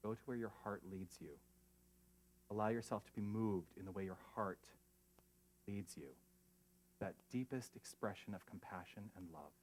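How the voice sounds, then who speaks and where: A man preaching a sermon as spiritual leader, earnest and emotional, moving between hushed reflection and lively asides. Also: fairly low pitch, moderate pace, pauses often. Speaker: pastor.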